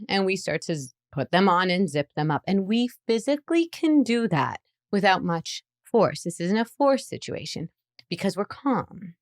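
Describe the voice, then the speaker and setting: A woman, a psychologist guest on a podcast interview, explaining parenting in an animated way. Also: mid-range voice, no echo, clean studio sound. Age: adult parent. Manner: animated explainer who acts out playful lines.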